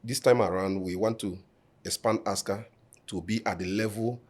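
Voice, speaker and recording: This election candidate, being interviewed in a podcast studio, has a deep, low voice and a steady tone. He works through his points formally and at a measured pace, pausing on fillers along the way.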